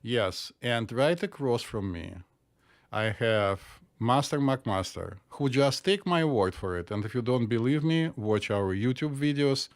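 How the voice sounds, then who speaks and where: A man's voice: medium pitch, lively intonation, measured pace. A middle-aged man from the former Soviet Union, a psychiatrist co-hosting a casual chat with dry jokes and slightly stiff phrasing. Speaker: podcast co-host, psychiatrist.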